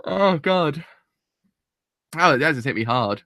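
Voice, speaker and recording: A man's voice: on the high side, animated, slow, long pauses, sharp tone, dry recording, studio quality. A man hosting a live anime reaction, tearful and emotional, rambling and swearing mildly as he talks. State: tearful, crying. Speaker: anime reaction channel host.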